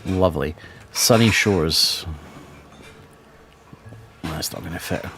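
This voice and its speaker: Male streamer, lowish voice, offhand muttering and casual swearing, home desk mic. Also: takes it slowly, a bit bright, soft background music. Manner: mutters to himself while playing, swears casually. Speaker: game streamer. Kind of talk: casual gaming stream chat.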